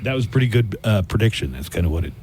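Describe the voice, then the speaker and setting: A man's voice: fairly low pitch, sing-song, fast talker, darkish tone, slight background noise. A man hosting a radio show, bantering casually and reading sponsor promos in a wry, laid-back way. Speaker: radio host.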